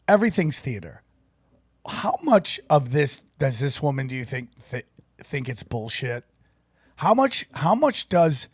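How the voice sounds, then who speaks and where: A man co-hosting a podcast, talking in a high, very lively voice that jumps around as he gets worked up. He is excitable and swears freely. The sound is close and dry. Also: dry recording. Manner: excitable, profane, prone to exclamations. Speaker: podcast co-host. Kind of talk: casual chat.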